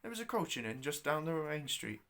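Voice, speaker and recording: A man's voice: fairly high pitch, sing-song, normal speed, fairly bright tone. A man doing an obliging young Scottish porter. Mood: helpful. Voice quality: plain-spoken and obliging.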